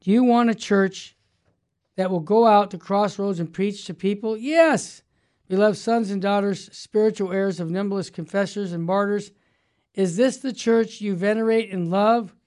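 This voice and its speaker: A man hosting a religious talk radio show, teaching with fervent emphasis that builds to loud exclamations. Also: high voice, fairly even intonation, moderate pace.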